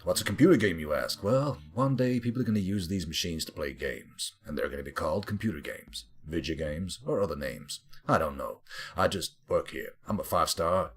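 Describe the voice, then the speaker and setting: A man's voice: deep voice, lively intonation, brisk, husky, soft background music, pitched below the performer's own voice. A man voicing a blustering American Air Force general in a put-on American accent, rambling and mock-serious.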